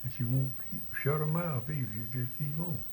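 An older man, giving short, plainspoken answers in a relaxed dialect interview. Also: mid-range voice, a little fast, a little hiss or hum, low-quality recording. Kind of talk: casual rural dialect interview.

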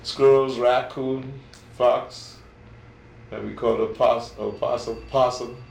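Gravelly older man, rambling and folksy. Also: medium pitch, steady tone, slow pace, darkish tone. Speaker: interviewee. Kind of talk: casual dialect interview. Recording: echoey room, distant mic, noisy.

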